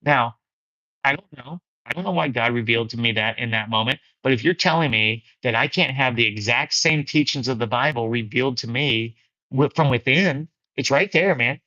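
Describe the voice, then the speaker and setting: A man's voice: mid-range voice, normal speed, sharp tone, no room sound, muffled recording. A man hosting a faith fellowship livestream. He talks about God in a casual, earnest way, calls listeners "man" and "dude", and answers viewer comments. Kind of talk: casual spiritual talk, reading viewer comments.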